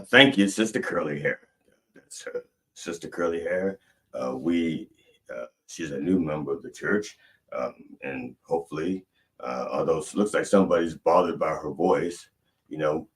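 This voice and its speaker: A man preaching a comic mock sermon, rambling and deadpan, with many fillers and restarts. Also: very deep voice, a little slow.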